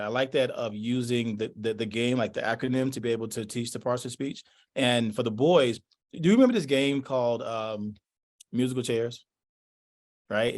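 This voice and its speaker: A man leading a parenting workshop, talking in loose, animated thoughts and acting out quotes as he answers questions. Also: mid-range voice. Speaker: workshop presenter. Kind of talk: lively workshop talk. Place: workshop room.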